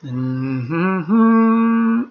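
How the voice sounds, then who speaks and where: A man's voice: sits high, animated, very slow. A man hosting a charity quiz over a video call, chatty and rambling, reading out each question twice. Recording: dull lo-fi call audio.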